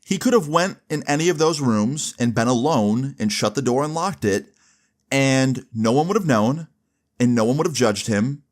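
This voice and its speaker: A man's voice: medium pitch, animated, moderate pace. A young man casually telling a long story, rambling with many asides and swearing freely.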